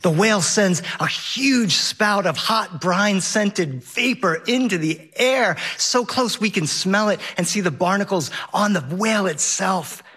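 A man telling a lively personal story on stage, vivid and laughing along the way. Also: high-pitched, measured pace, hardly any pauses.

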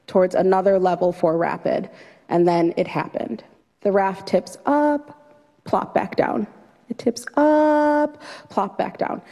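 A woman vividly telling a true personal story to an audience, dramatic and lively. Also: medium pitch, big-room sound. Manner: vivid, dramatic retelling with a light laugh.

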